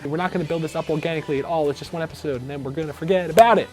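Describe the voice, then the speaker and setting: A man's voice: fairly high pitch, very fast, few pauses, darkish tone, soft background music. A young man hosting an opinionated TV review vlog, talking in a sarcastic, ranting way. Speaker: video reviewer and host.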